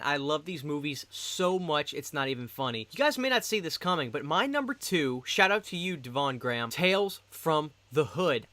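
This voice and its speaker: Guy vlogging about horror flicks, kinda high voice, super into it, dry close mic. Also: bright, forceful tone, dry recording. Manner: enthusiastic, repeats "really, really". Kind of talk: casual ranking vlog to camera. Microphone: desk microphone.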